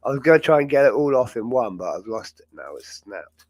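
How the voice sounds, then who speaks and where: A man's voice: medium pitch, sing-song, fairly quick, slight background noise. A man hosting a live chat show, talking in a rambling, chatty way and laughing often. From England. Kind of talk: casual live-stream chat.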